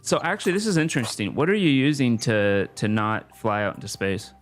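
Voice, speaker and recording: A man's voice: mid-range voice, brisk. A man running a tabletop game as game master, hesitant and laughing often. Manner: hesitant, laughing, full of fillers.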